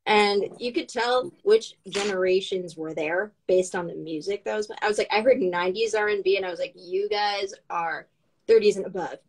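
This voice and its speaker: A woman's voice: medium pitch, brisk, few pauses, slightly rough. A woman chatting casually as co-host, upbeat and bubbly with lots of filler words. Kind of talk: casual chat.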